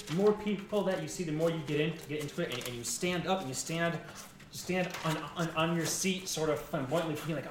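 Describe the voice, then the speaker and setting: A man narrating as game master in a rambling, lively way with many restarts. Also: on the high side, a little fast, background noise. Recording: echoey room, mic far off.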